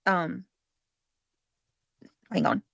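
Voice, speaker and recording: Drawing out her words in a fairly bright tone, a Southern-accented woman runs a relaxed livestream with no echo. She's rambling and talkative, thanking viewers and swearing occasionally.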